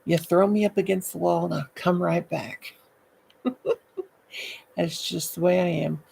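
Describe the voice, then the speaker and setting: A woman's voice: on the low side, fairly even intonation, slow pace, gravelly, darkish tone, slight background noise, rough recording. An older woman hosting a late-night live stream from home, chatty and goofy, greeting viewers by name into her laptop. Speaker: livestream host. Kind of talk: casual live chat with viewers.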